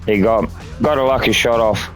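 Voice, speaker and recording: A man's voice: fairly low pitch, normal speed, faint music behind. A young Australian man from the Northern Territory, crudely commenting on his gameplay in casual chat and rambling off-topic. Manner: crude, swears freely, rambling asides. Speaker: gaming streamer.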